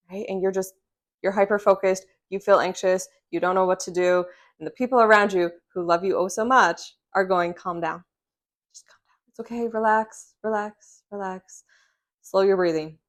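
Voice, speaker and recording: A woman, a respiratory therapist, talking frankly and reassuringly to her phone camera at home, often checking in with "okay?" and "right?". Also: medium pitch. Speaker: respiratory therapist sharing breathing tips. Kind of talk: casual direct-to-camera vlog. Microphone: phone camera under ring light.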